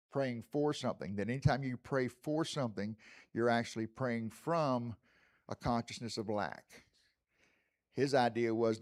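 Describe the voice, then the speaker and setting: A middle-aged man with a drawl gives a relaxed, conversational sermon. He speaks at a mid pitch and keeps turning to the congregation with folksy questions. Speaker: licensed spiritual teacher giving the talk.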